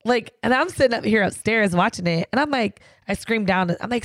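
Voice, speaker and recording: A woman co-hosting a casual podcast, ranting in an animated way and swearing freely. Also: fairly high pitch, brisk, few pauses, no room sound. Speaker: podcast co-host.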